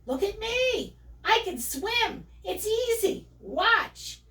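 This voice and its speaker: A woman voicing a small brave male piglet with a squeaky, excited voice in a storybook reading. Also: a little slow, echoey room, far from the mic, full character voice. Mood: thrilled.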